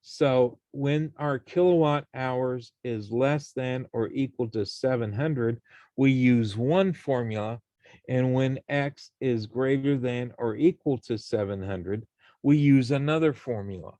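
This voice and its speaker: A man's voice: medium pitch, measured pace, mellow, no echo. A man teaching a college algebra class, explaining each step and checking in with his students. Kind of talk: classroom math lecture.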